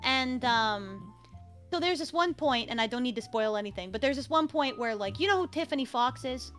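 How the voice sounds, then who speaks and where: Young female VTuber, lively storyteller, high bright voice, faint music behind. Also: normal speed. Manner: animated storyteller, acts out her own reactions. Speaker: VTuber guest. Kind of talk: casual stream chat.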